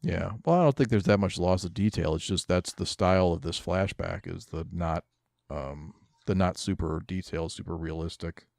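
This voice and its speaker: A man's voice: low-pitched, moderate pace, vocal fry, darkish tone, no room sound, studio quality. A man co-hosting a podcast, talking casually about comics in a blunt, cynical, profane way. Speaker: podcast co-host. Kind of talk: casual comic-book review chat.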